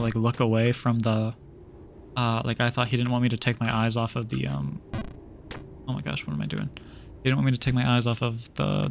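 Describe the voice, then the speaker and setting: A man's voice: mid-range voice, creaky, slight background noise. A young man streaming a game, telling a long story in a rambling, exasperated way full of fillers. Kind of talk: casual storytelling while gaming.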